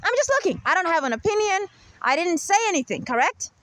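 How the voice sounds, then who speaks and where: A woman with a high voice talks to her audience in a long, insistent monologue, checking in over and over with "right?" and "okay?". Her voice is recorded close and dry, with no room sound around it. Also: sing-song, quick pace, a bit bright, dry recording. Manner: insistent, lecturing tone. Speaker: channel host. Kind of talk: rambling monologue to camera.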